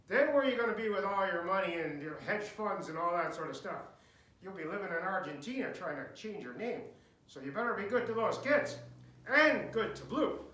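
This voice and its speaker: A man's voice: sits high, sharp tone. A man, talking casually and joking on the stage of a barn theater. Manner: jokey, folksy, rambling. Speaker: theater venue owner. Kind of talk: casual rambling address. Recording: echoey room in a barn theater.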